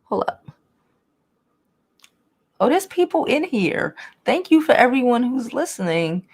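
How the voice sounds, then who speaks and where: A young woman, hosting a casual live stream, talking bluntly and profanely, animated, and reading chat comments aloud. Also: a little high, a little slow.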